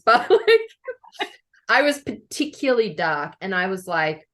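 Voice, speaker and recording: Woman, lower voice, podcast co-host, chatty, laughs a lot, video call. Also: big pitch swings, moderate pace, fairly bright tone. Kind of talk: casual chat.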